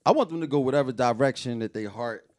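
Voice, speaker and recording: A man's voice: medium pitch, quick pace, a little mellow. A man, a rapper guest, telling laid-back stories with slang in a casual podcast chat.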